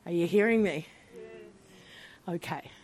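A woman pastor telling her own story in a sermon, animated, with laughing asides. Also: lowish voice, a little slow. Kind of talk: sermon testimony.

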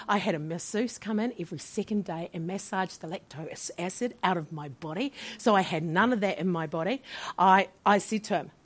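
A middle-aged woman giving a personal faith testimony as an interview guest, acting out each voice in her story and laughing often. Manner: animated, acts out each voice in her story with big swings in pitch and loudness; laughs often while telling.

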